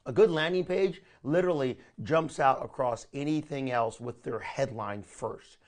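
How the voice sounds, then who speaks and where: A man leading a recorded training session, talking in an energetic, coaching way and often calling listeners "my friend". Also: medium pitch, normal speed. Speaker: online marketing trainer.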